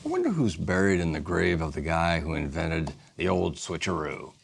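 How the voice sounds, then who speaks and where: A man's voice: low-pitched, sing-song, moderate pace, creaky, a little hiss or hum. A man appearing as a talk show guest, reading jokes aloud with a dry, hesitant delivery.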